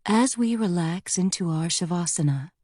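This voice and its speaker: A woman reading an audiobook and voicing a female yoga teacher who leads a relaxation in a soft, soothing manner. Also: fairly low pitch, moderate pace, no room sound, clean studio sound, natural voice.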